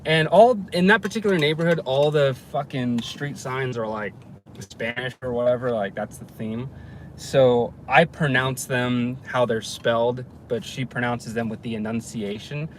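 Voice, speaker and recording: A man's voice: medium pitch, normal speed. Fields: Sex: man. Style: exasperated storytelling rant. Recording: noisy car, traffic outside. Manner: exasperated, swears casually, many fillers and restarts. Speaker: handyman vlogger.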